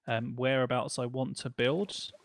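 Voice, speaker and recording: A man chatting casually while playing a game, explaining what he builds in a halting way with many restarts. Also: medium pitch, flat delivery. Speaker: zookeeper builder explaining a quarry. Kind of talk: casual Minecraft let's-play chat.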